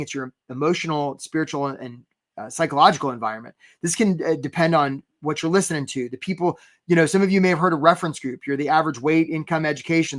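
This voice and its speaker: A man coaching job seekers in a live webinar, animated and talking straight to viewers by name, acting out little scenes in quoted voices. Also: fairly high pitch. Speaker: career coach.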